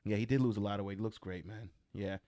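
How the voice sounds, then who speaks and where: A man's voice: lowish voice, fairly even intonation, mellow, no room sound. Man, podcast host, laid-back, laughing, dry close sound, small studio. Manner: laid-back, laughs often, quick asides. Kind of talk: casual sports chat.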